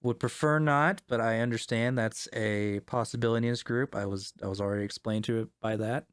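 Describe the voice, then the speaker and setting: A man's voice: mid-range voice, fairly even intonation, brisk, a little hiss or hum, lightly acted. A man voicing a polite, wary young woman academic in a tabletop game, in his own plain voice without an accent. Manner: plain voice, no attempt at an Italian accent.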